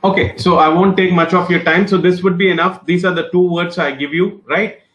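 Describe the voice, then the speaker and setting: A male trainer explaining English words in an online class, repeating each word and giving example sentences in an encouraging way, with many pauses and restarts. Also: high-pitched, steady tone, a bit bright, echoey room, muffled recording. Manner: frequent fillers and restarts, encouraging.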